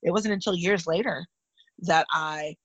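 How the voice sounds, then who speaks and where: A woman's voice: fairly low pitch, measured pace, husky, no echo, poor audio. A woman from California, in her thirties, telling personal stories candidly and animatedly in casual chat. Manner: candid, animated retelling with vivid asides.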